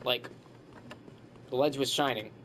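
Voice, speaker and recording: A man's voice: mid-range voice, steady tone, unhurried, fairly bright tone, slight background noise. A man giving casual commentary while playing a game, grumbling and trash-talking the enemies with sarcasm. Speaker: gamer.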